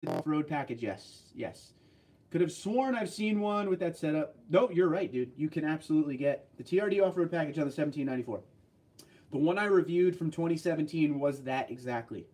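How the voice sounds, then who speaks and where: A man's voice: a little high, a little mellow. Chatty man hosting a livestream. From New Jersey. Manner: chatty, jokey, answers viewers directly. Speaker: livestream host. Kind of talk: casual livestream chat reading comments.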